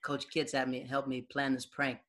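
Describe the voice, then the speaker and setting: A young man casually reminiscing with an old friend, animated, acting out quoted voices and laughing often. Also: medium pitch, moderate pace. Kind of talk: casual storytelling chat.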